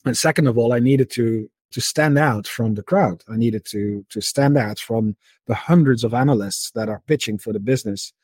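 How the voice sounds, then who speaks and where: Husky-voiced man explaining at length. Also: mid-range voice, normal speed, darkish tone, dry recording. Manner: explains at length, often repeats words while thinking. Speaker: interview guest, market analyst. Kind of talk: casual conversational interview.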